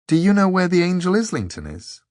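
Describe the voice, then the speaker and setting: A man voicing a bright, eager young woman. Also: high-pitched, a little fast, dry recording, studio quality, voice pushed up. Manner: lively, cheerful.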